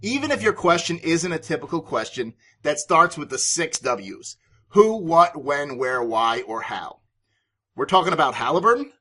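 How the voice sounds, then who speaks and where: A man's voice: fairly high pitch, big pitch swings, a little slow, pushed and bright. A man hosting a business podcast, giving sales advice in an emphatic, authoritative way. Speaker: podcast host and sales coach.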